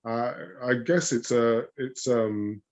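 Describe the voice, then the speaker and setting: A man speaking as a rose expert in a casual chat, hesitant with many fillers, often trailing off softly. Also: mid-range voice, fairly even intonation, slow, lo-fi sound. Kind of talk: casual video-call chat.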